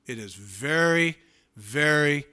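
A man preaching a sermon in a bright, forward voice that sits a little high for a man. He reads scripture, then acts out the quoted lines, swinging between soft asides and loud emphatic declarations. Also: slow pace, clear, resonant tone. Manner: animated preaching, acts out quotes with shifting pitch and volume. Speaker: pastor.

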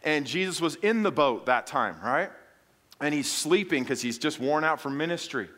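A man's voice: on the high side, expressive, moderate pace, a bit bright. A man preaching a conversational sermon, telling stories in a folksy way with humorous asides. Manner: acts out quoted lines in retellings.

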